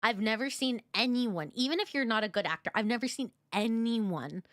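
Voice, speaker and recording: A woman's voice: on the high side, moderate pace, fairly bright tone, no echo, clean studio sound. A woman streamer chatting casually with her viewers, giggly and rambling, with lots of fillers. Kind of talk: casual reaction chat.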